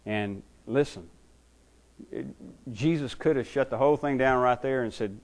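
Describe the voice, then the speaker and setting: Pastor, male, earnest sermon delivery, mid-pitched, repeats himself as he builds. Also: normal speed, pauses often. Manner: earnest, repeats words while building points.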